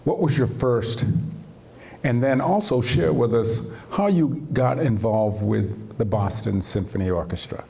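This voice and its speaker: A man's voice: medium pitch, a little slow, vocal fry, mellow, a little hiss or hum. A man interviewing a guest on stage, asking inviting questions about his career. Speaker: interviewer, producer.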